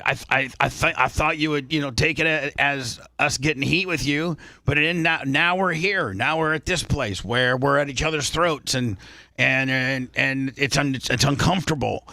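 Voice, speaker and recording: A man's voice: fairly high pitch, bright, forceful tone, no echo, studio quality. A male radio show host lecturing a co-host on air, defensive and full of restarts.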